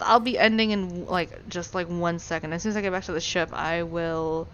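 Playful woman streamer, loud excited bursts. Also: on the low side, unhurried, vocal fry, hardly any pauses, dull audio. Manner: playful, swings into loud excited outbursts, teasing chat. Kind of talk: live gameplay stream chatting with chat.

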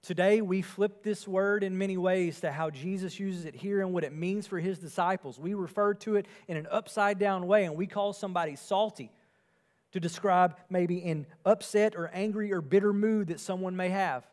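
A male pastor preaching an earnest sermon, moving between emphatic and quiet passages. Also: sits high, moderate pace.

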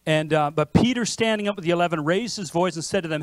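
A man preaching a sermon as pastor, in a lively conversational manner with frequent restarts. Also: a little high, fast talker, few pauses, dry recording. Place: church sanctuary.

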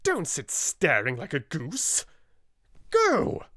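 A hard-hearted British schoolmistress, raised in pitch, clipped and bitterly commanding, as a male narrator plays her. The storybook voice stays slow and dry, close to the mic. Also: wildly swooping pitch, sharp tone, slightly rough, no echo, heavily acted. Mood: fierce. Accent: British English. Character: harsh, fierce middle-aged schoolmistress. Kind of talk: soft-spoken audiobook reading.

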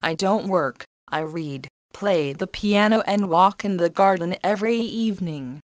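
A woman voicing a kind, gentle young woman in a slow, plain storybook reading. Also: lowish voice, no room sound, close to an everyday voice. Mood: content.

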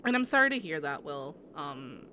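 A woman's voice: low-pitched, very animated, moderate pace, sharp tone, slight background noise. A woman game streamer in casual live-stream chat, answering her viewers with sympathy and rambling through many restarts.

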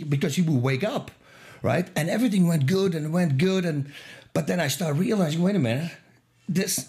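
A man telling a story on a podcast, animated and laughing as he goes. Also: a little high. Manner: animated, laughs through his own story. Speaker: podcast guest. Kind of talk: casual storytelling.

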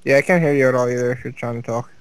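A man's voice: medium pitch, steady tone, rapid-fire, smooth, dry recording. A young man acting as game master over voice chat, casually describing rooms and calling turns, swearing now and then. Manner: casual, swearing, narrating room contents.

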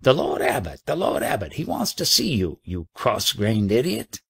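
A hulking young novice barks rude insults, voiced by a male narrator. The voice is gravelly and husky. It is an audiobook performance. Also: on the low side, wildly swooping pitch, moderate pace, dry recording, clean studio sound, full character voice. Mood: angry. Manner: shouting insults, bullying.

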